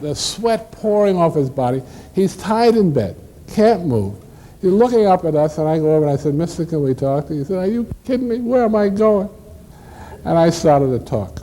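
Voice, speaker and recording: A man performing a one-man stage play, telling a first-person story with dramatic pauses and shifts in pace. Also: a little high, dark tone, poor audio.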